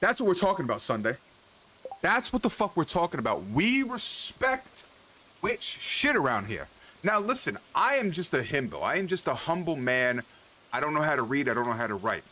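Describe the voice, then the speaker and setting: A man's voice: fairly high pitch, sing-song, moderate pace, bright, forceful tone. A young man from New York live-streaming a game, chatting casually with viewers in a playful, profane, hyped-up way. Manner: profane, playful, hype banter with chat. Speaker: livestreamer. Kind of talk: casual live-stream chat while gaming.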